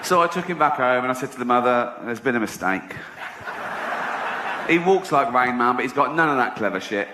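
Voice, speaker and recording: Live on a comedy stage, a sardonic English comedian runs through his routine with a brisk, mid-range voice and lively intonation. He plays it mock-boastful and acts out the voices he quotes, while audience laughter fills the recording.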